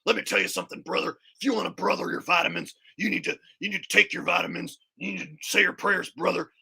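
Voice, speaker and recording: Guy doing hoarse raspy wrestler hype talk, fast and preachy. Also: sits high, fairly even intonation, pushed and bright, heavily acted. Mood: preachy, boastful. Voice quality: hoarse, half-whispered rasp. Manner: rapid preachy bravado, calls everyone "brother". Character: boastful male pro wrestler preaching to young fans.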